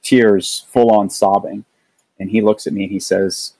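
A man with a somewhat low voice tells a personal story with earnest, halting delivery, often restarting his sentences mid-thought. The sound is dry and close, with no room echo around it. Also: fairly even intonation, creaky, darkish tone. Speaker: guest. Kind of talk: casual storytelling.

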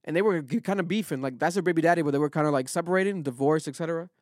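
A man's voice: fairly high pitch, very fast, no echo, studio quality. A man hosting a podcast in casual chat, recapping things loosely and swearing freely. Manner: profane, loose retelling. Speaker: podcast host.

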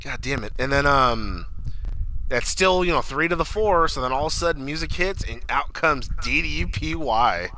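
Excitable young man, bright lively voice. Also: mid-range voice, moderate pace, slight background noise. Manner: excitable, swears a lot, acts out quotes loudly. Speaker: podcast co-host. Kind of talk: casual chat.

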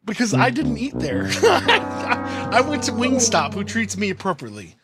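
Man, podcast host, casual storytelling, high voice, very lively pitch. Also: a little slow, loud music behind the voice. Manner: animated, reenacts his own outbursts.

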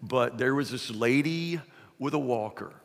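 A man's voice: medium pitch, a little slow, vocal fry. An older man preaching a sermon, telling a humorous personal story in a chatty, self-deprecating way. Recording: echoey hall.

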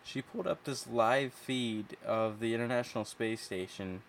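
A man co-hosting a podcast in relaxed casual chat, hesitant, with many fillers. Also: medium pitch, moderate pace, slight background noise. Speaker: podcast co-host.

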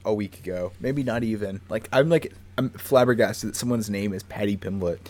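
A man's voice: lowish voice, fairly quick, a little mellow. A young man co-hosting a podcast in casual chat, laid-back with dry teasing remarks. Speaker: podcast co-host.

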